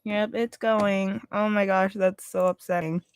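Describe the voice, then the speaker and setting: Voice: medium pitch, a little slow, clean tone, no echo. Congested, chatty game streamer, dry sound. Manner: chatty, expressive, thinks aloud while explaining game strategy. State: congested, sniffling. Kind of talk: casual gaming live-stream commentary.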